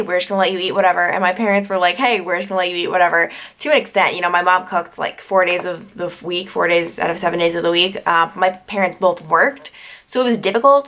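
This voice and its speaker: A woman's voice: mid-range voice, pushed and bright. Young woman from new york doing a storytime vlog, chatty, lots of "like", goes off on tangents. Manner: chatty, full of "like" fillers and tangents. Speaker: YouTuber.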